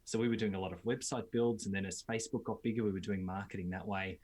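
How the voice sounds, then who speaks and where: An Australian man, a business coach, giving relaxed, fluent interview answers with filler uhs. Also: lowish voice, fast.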